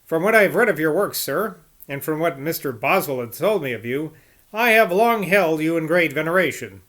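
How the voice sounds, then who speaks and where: A man's voice: a little high, animated, normal speed, fairly bright tone. A man reading the lines of a courteous, formal foreign general in an audiobook, without putting on an accent. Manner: formal, polite.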